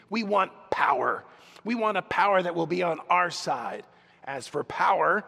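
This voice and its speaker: A man voicing a bitter, power-hungry male dwarf who speaks slowly and distinctly, in a reverberant hall. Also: high voice, gravelly, full character voice. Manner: slow, distinct, forceful.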